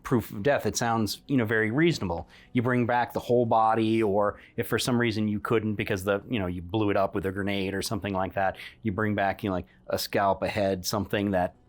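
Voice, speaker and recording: A man running a tabletop game as game master, explaining in a casual, halting way. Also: on the low side, fairly even intonation.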